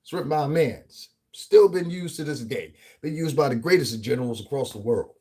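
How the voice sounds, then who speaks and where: A Northeastern US man vlogs a casual, profanity-filled rant, animated and laughing often. His pitch is medium, his pace a bit quick, with faint background noise.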